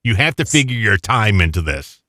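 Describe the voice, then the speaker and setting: A man's voice: fairly low pitch, sing-song, a little fast, bright, forceful tone, no room sound. A man co-hosting a casual chat who makes dry, skeptical interjections. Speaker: podcast co-host.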